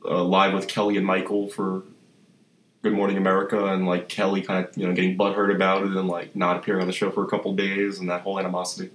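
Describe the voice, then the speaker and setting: A man's voice: low voice, monotone, quick pace. A man co-hosting a casual podcast chat, joking and rambling with fillers and the odd swear word. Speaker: podcast co-host. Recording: echoey room with faint ambience.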